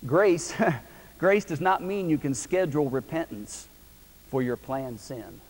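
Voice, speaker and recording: Folksy preacher in a reverberant hall. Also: male voice, fairly high pitch, slow pace. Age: middle-aged. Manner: folksy, animated, shifts from loud preaching to hushed storytelling. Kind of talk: sermon with storytelling. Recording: reverberant hall with faint hiss.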